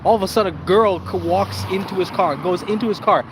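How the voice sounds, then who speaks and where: A man's voice: sits high, brisk, noisy background. Profane, slangy young streamer guy. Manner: profane, animated and slangy, with stammered restarts. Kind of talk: casual live-stream storytelling.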